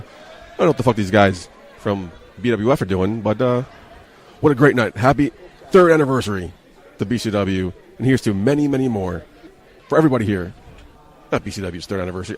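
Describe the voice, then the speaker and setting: A man hosting a wrestling podcast, casually interviewing wrestlers and wrapping up the night with jokes. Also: fairly low pitch. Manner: casual, joking. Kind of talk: event wrap-up interview.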